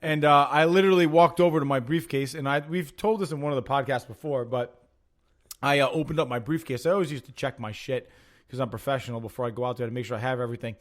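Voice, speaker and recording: A man hosting a podcast, telling stories in casual chat, profane and excitable, acting out quotes. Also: mid-range voice, fast. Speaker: podcast host.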